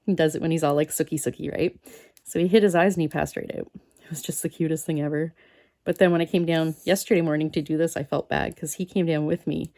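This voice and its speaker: A chatty woman talks through a crafting session, wandering from story to story and muttering to herself as she tapes things down. Her voice sits a little low, with a gravelly edge and a mellow, dark tone. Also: steady tone, fast talker. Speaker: crafting video host. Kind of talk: casual chat while crafting.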